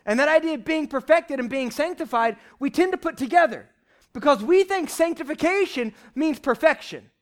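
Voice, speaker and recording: A young man preaching a lively, conversational sermon from a church stage, shouting at times for emphasis. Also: very high voice, moderate pace. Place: church stage before a congregation.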